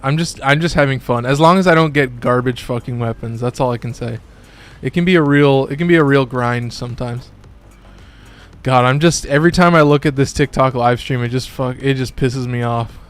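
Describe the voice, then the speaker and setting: A young man chatting through a live game stream in a smooth, resonant voice, his pitch sitting right in the middle for a man. He rambles and gets excitable, leans on "like" constantly and drops the odd curse. The delivery is loose and off the cuff, commentary spoken as he plays. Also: a little fast, faint music behind. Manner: excitable, rambling, curses casually, says like a lot.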